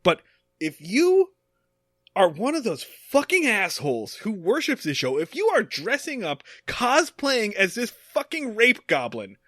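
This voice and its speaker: Angry podcast dude, high bright voice, swings all over, dry close sound. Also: male voice, wildly swooping pitch, unhurried, dry recording. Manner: angry, profane, emphatic ranting. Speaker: podcast co-host. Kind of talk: ranting comedy podcast chat.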